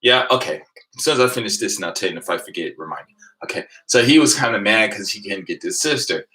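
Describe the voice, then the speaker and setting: A man, casually telling a rambling, animated story to his live viewers and laughing along the way. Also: lowish voice, fast talker, rough recording. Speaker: vlogger on a live stream.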